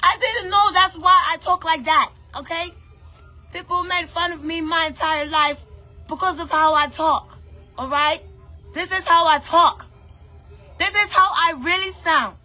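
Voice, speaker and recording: A woman's voice: very high voice, fairly even intonation, measured pace, bright, forceful tone, soft background music. A woman from Brooklyn, New York, with a Trinidadian-influenced accent, ranting bluntly and profanely to camera in a vlog, full of emphatic rhetorical questions. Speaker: vlogger. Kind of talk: impassioned direct-to-camera rant.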